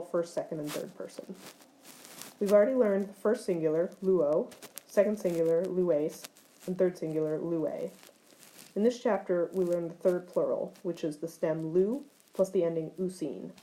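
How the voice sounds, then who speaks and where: A woman's voice: fairly low pitch, normal speed, warm tone, poor audio. A woman teaching ancient Greek grammar in a recorded lecture, explaining forms step by step, with occasional fillers.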